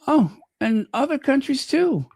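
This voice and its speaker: Slow-talking man with ironic asides. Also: extremely high pitch, very animated, vocal fry, a little mellow, no echo, studio quality. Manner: chatty, ironic asides, frequent ums. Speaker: channel host. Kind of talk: casual commentary reading from the web.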